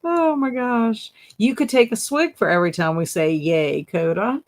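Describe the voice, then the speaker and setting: A woman's voice: on the high side, big pitch swings, normal speed. A woman hosting a casual livestream, chatting and reading viewer comments aloud, laughing often. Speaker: livestream host.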